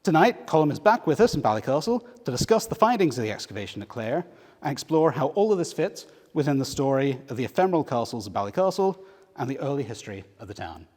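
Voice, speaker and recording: Bloke doing the thank-yous at a museum talk, lively up-and-down voice, hall reverb. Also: male voice, medium pitch, fast talker. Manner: reads prepared thanks in a list. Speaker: museum host introducing speaker. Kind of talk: formal introduction and thanks.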